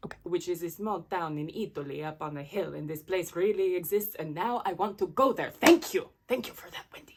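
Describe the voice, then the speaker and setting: A woman's voice: fairly low pitch, brisk, hardly any pauses, very noisy. A woman vlogger chatting enthusiastically about books she read, rambling with fillers and restarts. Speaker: book vlogger. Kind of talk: casual book review chat.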